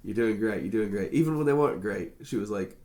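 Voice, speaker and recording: A man's voice: lowish voice, lively intonation, fast talker, a little mellow. A man hosting a podcast as a drag performer, casual and chatty, swearing freely and calling people darling. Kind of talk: casual interview chat.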